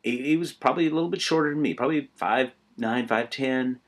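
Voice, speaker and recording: An older man teaching a college writing class in a relaxed, conversational way, telling stories with many asides and restarts. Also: mid-range voice, quick pace. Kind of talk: informal recorded lecture.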